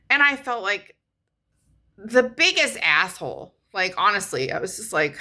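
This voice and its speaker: A woman's voice: medium pitch, animated, normal speed, sharp tone. A woman in her thirties telling a rambling, frank story to her camera, swearing casually and trailing off often. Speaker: vlogger.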